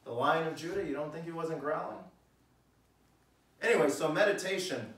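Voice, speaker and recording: Preaching at normal speed in a voice on the high side and fairly bright, a pastor addresses his church hall conversationally, questioning listeners and reading scripture aloud. The room echoes, the mic sits far off, and there's slight background noise.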